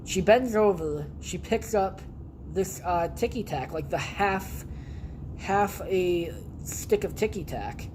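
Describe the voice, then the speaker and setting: A man's voice: high voice, takes it slowly, noisy background. A young man hosting a podcast from his home basement, telling rambling stories casually with blunt, heavy swearing. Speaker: podcast host. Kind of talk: casual storytelling monologue.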